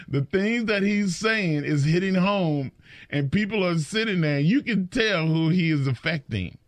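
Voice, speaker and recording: A man's voice: fairly high pitch, no echo. A man in casual podcast chat, telling stories emphatically and often repeating words as he builds a point.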